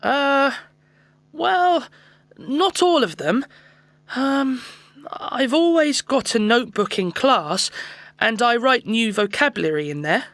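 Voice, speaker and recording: A chatty schoolboy language learner in a textbook audio track. The voice sits fairly high, and the close, dry studio sound has almost no room echo. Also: female voice, takes it slowly, exaggerated voice. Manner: relaxed, chatty, laughs easily. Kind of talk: scripted textbook audio dialogue.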